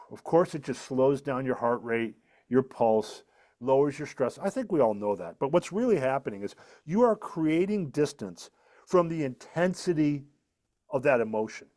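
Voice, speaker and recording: A man's voice: mid-range voice, sing-song, moderate pace, darkish tone. A middle-aged man, an author and speaker, earnestly explaining a method in a podcast interview, repeating his key points for emphasis. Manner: earnest, emphatic teaching tone with repetitions.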